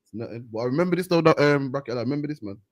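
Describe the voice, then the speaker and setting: A man's voice: mid-range voice, expressive, racing, muffled recording. A man hosting a reaction commentary, heated and mocking, ending phrases with "man". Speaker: host. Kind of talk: street preaching reaction commentary.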